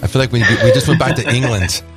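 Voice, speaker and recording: A man's voice: medium pitch, fast, over loud music. A man hosting a casual radio talk show, chatty and rambling with plenty of fillers and restarts.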